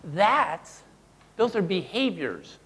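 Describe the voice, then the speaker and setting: A man presenting a live workshop, playful and animated, quizzing the audience as he teaches. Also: high voice, takes it slowly, long reverb tail. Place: seminar room with an audience.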